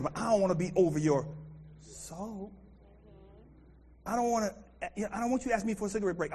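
A middle-aged American man preaching a sermon as pastor, animated, swinging from loud outbursts to quiet asides. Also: sits high, brisk, long pauses, slight background noise. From United States.

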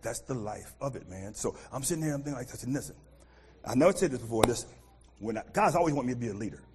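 A middle-aged American man preaching a sermon as pastor, animated, swinging from loud outbursts to quiet asides. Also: mid-range voice, quick pace, noisy background. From United States.

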